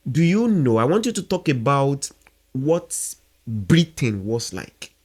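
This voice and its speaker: A man's voice: medium pitch, big pitch swings, slow, a little mellow. A man hosting a faith podcast, asking earnest, emphatic questions of his guest. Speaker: podcast host.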